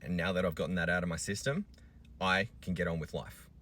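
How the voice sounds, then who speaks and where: A man's voice: low voice, fairly even intonation, a little fast, fairly bright tone. A man in his thirties with an Australian accent, a single father venting angrily in a vlog and swearing often. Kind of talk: emotional vlog rant.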